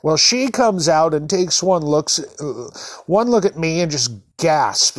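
A man hosting his own podcast, telling self-deprecating comic stories in an animated, drawn-out way. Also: on the high side. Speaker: podcast host. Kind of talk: comedic storytelling.

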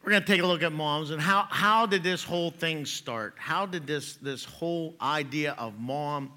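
A man's voice: a little high, moderate pace, bright, forceful tone. A middle-aged man preaching a sermon, chatty and joking, laughing at his own jokes before turning to scripture. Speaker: pastor.

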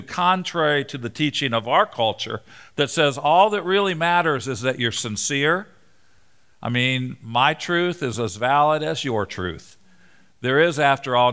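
A man preaching a sermon in a church, animated and conversational, joking with the congregation. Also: mid-range voice, clean tone. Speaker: preacher, Bible teacher.

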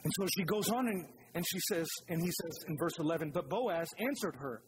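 A pastor preaching a sermon with animated delivery, asking the congregation rhetorical questions. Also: male voice, fairly high pitch, a little fast. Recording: noisy recording.

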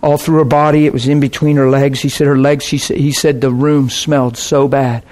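Speaking a bit quickly at medium pitch, a man preaching a sermon narrates a story with folksy animation. He shifts into the voices of the figures he quotes.

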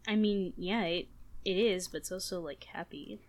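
A young woman with a somewhat low voice co-hosts a casual podcast. She talks in a soft, dry way and lets her sentences trail off quietly. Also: moderate pace. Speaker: podcast co-host.

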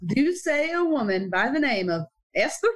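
A woman's voice: high-pitched, very animated, normal speed, noisy background. A woman co-hosting a casual comedic true-crime podcast, reading case notes and joking around. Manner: giggly, reads case notes, then jokes around. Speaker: podcast co-host.

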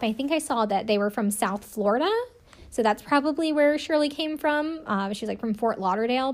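A woman casually recapping a reality TV episode, chatty and profane, filling her talk with "like" and laughing often. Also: medium pitch. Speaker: show recapper.

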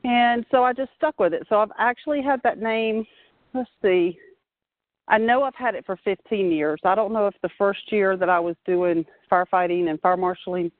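A woman's voice: medium pitch, moderate pace, dry recording. A woman in her forties talks earnestly and steadily about her work as a fire marshal. She is calling in on a phone from outdoors. The sound is tinny and dry, like a narrow phone line. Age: 40s. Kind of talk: casual phone interview. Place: outdoors at a playground.

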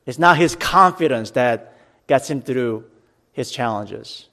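Male pastor, unhurried sermon delivery, earnest and plainspoken. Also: mid-range voice, animated, fairly bright tone. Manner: slow, earnest preaching with dramatic scripture reading.

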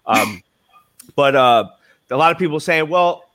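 A man with a Brooklyn accent hosts a casual podcast interview. He puts his questions haltingly, with plenty of fillers. His pitch sits in the middle range for a man. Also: a bit bright. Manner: hesitant, many fillers. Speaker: podcast host.

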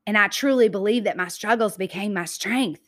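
A woman from Georgia with a Southern accent giving an emphatic inspirational talk, repeating key phrases slowly and calling her listeners y'all. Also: medium pitch, a bit bright. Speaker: motivational speaker.

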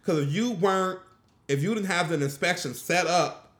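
A man's voice: high-pitched, normal speed. A man hosting a casual interview podcast, a real estate agent telling stories animatedly and acting out what people said. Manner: animated storyteller who acts out quotes. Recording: echoey room.

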